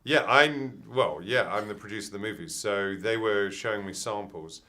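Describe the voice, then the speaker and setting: A man's voice: fairly low pitch, moderate pace, pushed and bright. A man from England, a film producer, telling comic stories from filming in a casual interview. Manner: casual storyteller, laughing through his punchlines. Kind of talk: comic anecdote.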